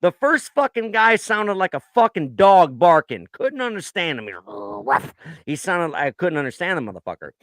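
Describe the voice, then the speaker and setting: A man's voice: high-pitched, sing-song, moderate pace, hardly any pauses, a bit bright, dry recording. A man from the United States riffing in crude, casual podcast chat. He swears constantly and rants. The recording is dry and close. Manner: profane, ranting, mimics voices in stories. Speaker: podcast co-host.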